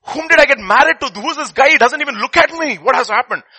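A man's voice: very high voice, lively intonation, fast talker, pushed and bright, pitched above the performer's own voice, exaggerated voice. A man voicing an angry young wife who complains about her husband in a raised, indignant voice.

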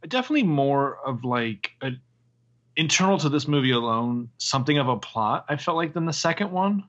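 A man co-hosting a podcast, chatting about a movie in halting stops and starts. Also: a little high, big pitch swings, a bit bright. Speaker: podcast co-host. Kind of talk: casual movie review chat. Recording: slightly dull lo-fi audio.

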